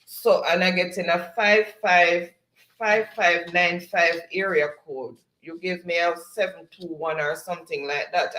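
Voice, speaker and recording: A Jamaican woman hosts a livestream, chatting as she reads viewer comments aloud and laughing often. Her voice sits low with a fairly bright tone. The audio is poor and reverberant.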